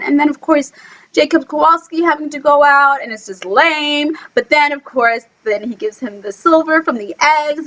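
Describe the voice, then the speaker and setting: A woman chatting casually in a film review vlog, gushing and excitable, full of "like" fillers, acting out quotes with sudden squeals. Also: low-quality recording. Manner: acts out quotes with sudden high squeals and whispers. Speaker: book blogger reviewing a film. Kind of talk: casual chat.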